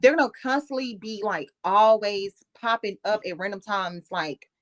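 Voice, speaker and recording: A woman's voice: medium pitch, moderate pace, crowd noise. A woman hosting a casual live-stream chat, rambling with many fillers. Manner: rambling, filler-heavy talk. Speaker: host.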